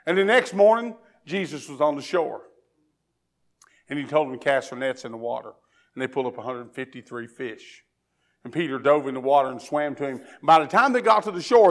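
A man from Tennessee with a Southern accent, preaching a sermon that moves from hushed prayer to loud, fervent preaching. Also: fairly high pitch, creaky.

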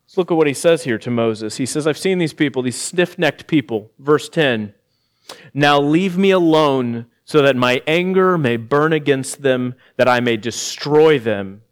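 A man's voice: medium pitch, measured pace, clear, resonant tone. Middle-aged guy preaching, gets worked up and emphatic, laughs a bit in between. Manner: animated, laughing asides, rising to emphatic peaks. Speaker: pastor. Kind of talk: sermon.

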